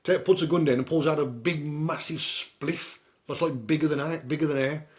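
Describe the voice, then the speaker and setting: A man's voice: a little high, steady tone, moderate pace. A man with a British accent, hosting a podcast and rambling through film recaps in a loose, chatty way. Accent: British English. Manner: rambling, chatty storytelling with many fillers. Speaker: podcast host. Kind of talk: casual film chat.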